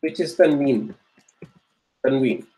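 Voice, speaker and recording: A man's voice: mid-range voice, slow pace, warm tone. A man teaching an online grammar class, patiently repeating each point and checking that students follow. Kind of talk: online Arabic grammar lesson.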